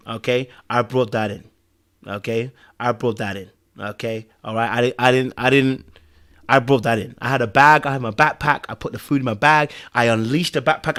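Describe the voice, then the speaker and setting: A man's voice: medium pitch, fairly bright tone. Man, podcast host, casual chat, rambling, repetitive fillers. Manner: rambling, repeats "okay?" and "you know what I mean".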